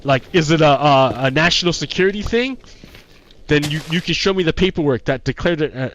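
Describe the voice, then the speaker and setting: A man's voice: on the high side, fairly quick, a bit bright. A man talking casually on a livestream, heated and profane, often repeating himself. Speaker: streamer.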